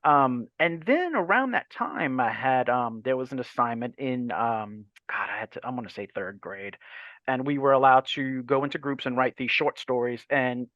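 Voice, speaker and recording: A man's voice: mid-range voice, normal speed, no echo, muffled recording. A man in his forties from Louisiana, a guest author telling stories in a casual podcast chat, acting out the voices in his anecdotes and swearing freely. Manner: animated anecdotal storytelling with voiced quotes and swearing.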